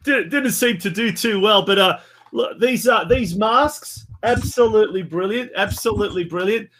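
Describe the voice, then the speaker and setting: A man's voice: high-pitched, moderate pace, fairly bright tone, slight background noise. A man hosting a football show in a chatty manner, full of fillers and restarts. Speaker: host.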